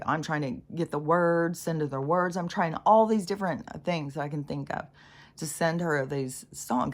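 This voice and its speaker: Low-voiced woman telling a rambling story. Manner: rambling, candid, swears freely. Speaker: spiritual content creator. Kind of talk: casual storytelling monologue.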